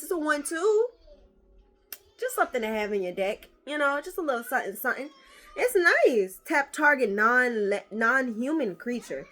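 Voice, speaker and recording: Woman, casual vlogger, bright voice, slightly high, animated, swears freely. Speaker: vlogger opening card packs. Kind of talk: casual chat.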